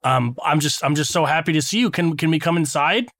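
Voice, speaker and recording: A man voicing an excitable, childlike male bard who exclaims loudly and jokes around. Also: fairly high pitch, fairly quick, no echo. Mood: apologetic. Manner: loud, exclaiming, jokey.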